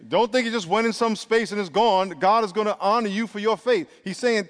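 A high-pitched middle-aged male pastor delivers an emphatic sermon, drawing the congregation into call and response. His voice carries the long reverb of a large church sanctuary. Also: fairly quick, hardly any pauses.

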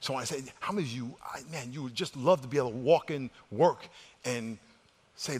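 A male pastor preaching a sermon. He leads the congregation in call-and-response, repeats words as he restarts, and moves between loud exhortation and hushed, quiet delivery. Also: medium pitch, brisk, slightly rough. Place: church sanctuary with congregation. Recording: long reverb of a large church hall.

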